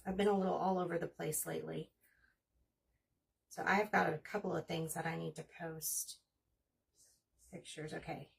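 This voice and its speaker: A woman's voice: deep voice, fairly even intonation, normal speed, vocal fry, pauses often, far from the mic, slight background noise. A woman in her forties chatting casually and rambling as she hosts a crafting livestream. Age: 40s. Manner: chatty, rambling, talks while working.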